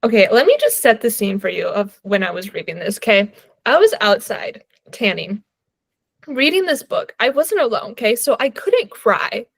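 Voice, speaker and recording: A woman's voice: a little high, lively intonation, normal speed, vocal fry, breathy edge, no echo. A young woman co-hosting a book podcast, chatting casually and animatedly, laughing and filling her talk with "like". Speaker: podcast co-host.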